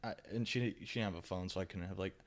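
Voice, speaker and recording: A young podcast host tells a story in casual conversation, animated and swinging between loud bursts and hushed asides. He speaks fast in a low voice.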